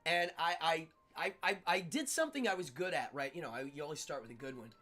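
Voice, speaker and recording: Animated middle-aged man telling stories. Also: on the high side, fast talker, slight background noise. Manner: animated, laughs often, acts out quotes. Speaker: livestream host. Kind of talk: casual storytelling chat.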